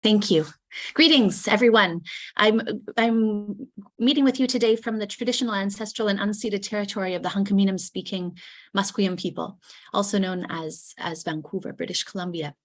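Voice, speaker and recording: A woman at mid pitch delivers a formal academic presentation over a video call. She speaks in long, carefully worded sentences, close to reading from a text. Her delivery is articulate and composed. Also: moderate pace. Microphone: video call microphone.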